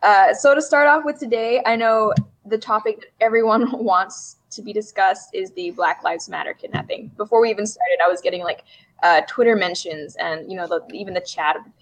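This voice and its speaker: A woman's voice: mid-range voice, fairly quick, rough recording. A woman hosting a livestream discussion, chatty and hedging with fillers. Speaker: stream host.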